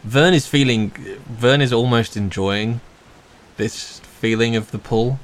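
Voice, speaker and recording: A man's voice: medium pitch, unhurried. A man playing a tabletop role-playing game who describes his character's actions hesitantly, with restarts and stammers. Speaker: player.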